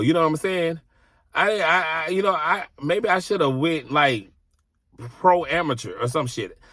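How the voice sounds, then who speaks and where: A man's voice: on the high side, fairly bright tone, breathy edge, dry recording. A man telling a personal story in a casual vlog from his car, blunt, exasperated and heavy on profanity.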